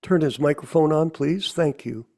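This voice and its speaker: A man hosting a live online religious program, talking in a relaxed, conversational way with fillers. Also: fairly high pitch, moderate pace. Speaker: host.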